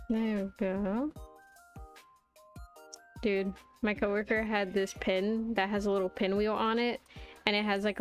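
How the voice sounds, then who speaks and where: A young woman streaming, chatting casually and giggling often as she rambles with self-deprecating restarts. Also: medium pitch. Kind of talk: casual live-stream chat while drawing.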